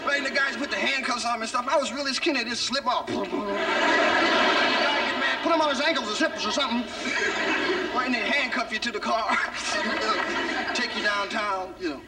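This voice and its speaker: A man performing a stand-up comedy routine on stage, telling a story and acting out the people in it with sudden shouts. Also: very high voice, moderate pace, over a noisy crowd. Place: stage before a live audience. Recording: distant stage mic, loud noise.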